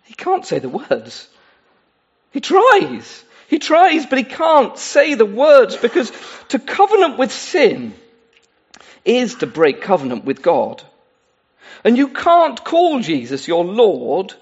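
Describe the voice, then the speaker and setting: Husky lively-voiced male preacher. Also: high voice, highs cut off. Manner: earnest, pleading, with many asides. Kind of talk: sermon.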